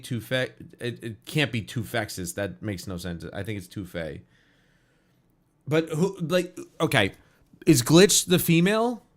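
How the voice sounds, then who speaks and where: A man hosting a casual gaming livestream, reacting aloud in a rambling, frank and opinionated way. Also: medium pitch. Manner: rambling, musing aloud, frequent restarts.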